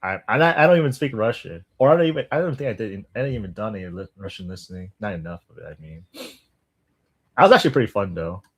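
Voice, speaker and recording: A man's voice: on the low side, expressive, fast, breathy edge. A young man, native English speaker, on a casual live stream, laughing and stumbling as he tries tongue twisters. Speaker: language-learning streamer.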